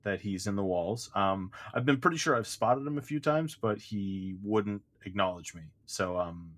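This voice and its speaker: A man with a somewhat low voice hosts a comedy podcast. He coaxes his co-host along, hesitant and full of fillers, and laughs often as he plays along with the absurd bit. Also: expressive, moderate pace, fairly bright tone.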